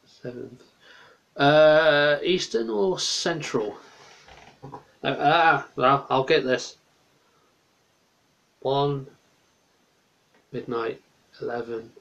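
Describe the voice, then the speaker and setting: A man's voice: medium pitch, drawn-out words, vocal fry, pauses often, fairly bright tone. A tired man rambles through a late-night livestream from his small bedroom. He drifts from topic to topic and stops to answer his chat.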